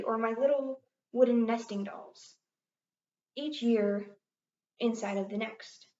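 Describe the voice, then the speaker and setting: A woman's voice: fairly high pitch, darkish tone, close to an everyday voice. A young woman playing a hurt, shy eleven-year-old girl. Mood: wistful. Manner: earnest first-person storytelling with halting restarts. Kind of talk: competitive dramatic interpretation. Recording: roomy, dull, from far off.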